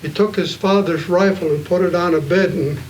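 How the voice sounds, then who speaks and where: A man telling stories at a community panel evening, earnest and plain-spoken, pausing often. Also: sits high, fairly even intonation. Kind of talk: heartfelt public storytelling. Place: gathering room with an audience. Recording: distant mic, faint room noise.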